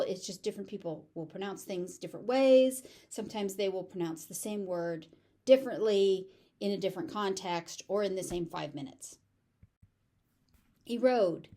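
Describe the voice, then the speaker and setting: A woman's voice: mid-range voice, warm tone. A woman with a General American accent teaching English pronunciation, patiently repeating each word several times with careful stress. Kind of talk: pronunciation lesson, repeating words slowly.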